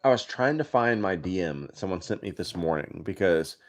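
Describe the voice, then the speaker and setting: A man's voice: low-pitched, expressive, a little fast. A man co-hosting a casual livestream. He talks a lot and explains his points at length. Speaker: co-host.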